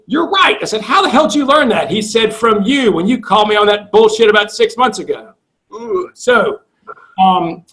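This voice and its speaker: Man, high-pitched, middle-aged, blunt, swears casually, acts out quotes. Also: fairly bright tone, poor audio. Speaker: sales coach. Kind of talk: storytelling interview guest.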